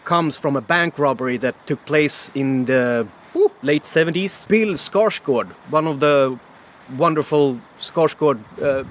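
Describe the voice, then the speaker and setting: A man in a casual video-call interview, animated and quick to laugh, stumbling through restarts as he tells a story. His voice sits a little high. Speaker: voice actor guest.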